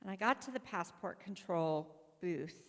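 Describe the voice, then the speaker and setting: Speaking in a synagogue sanctuary, a woman rabbi shares personal stories in her sermon, chatting conversationally and performing the voices of those she quotes. Her fairly low, fairly bright voice is animated and moves at a normal speed, with the long reverb of a big hall.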